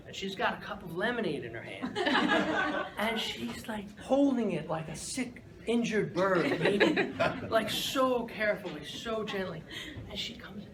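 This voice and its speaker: A man's voice: high voice, very animated, normal speed. A man giving a humorous storytelling speech at a speaking club, keeps checking in with "right?" and chuckles often. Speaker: Toastmasters speaker. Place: room with an audience. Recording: echoey room from far off, noisy.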